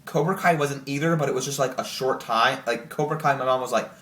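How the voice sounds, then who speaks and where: A young man chatting casually to camera as host, excited and rambling with lots of filler words. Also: medium pitch, a little fast. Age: young adult. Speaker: channel host ranking TV shows. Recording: roomy echo.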